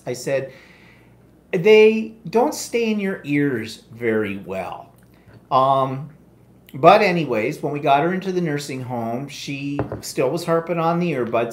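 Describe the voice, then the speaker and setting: Chatty man rambling in a roomy room. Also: medium pitch. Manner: chatty, rambling storyteller with many asides. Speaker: co-host of a live quilting show. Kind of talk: casual live-stream chat.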